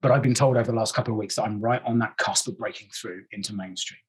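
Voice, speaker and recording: A man's voice: lowish voice, quick pace, rough recording. A man, an actor guesting on a podcast, talking in an earnest, emotional way that halts and repeats itself. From England. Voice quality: very husky. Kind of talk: casual interview talk.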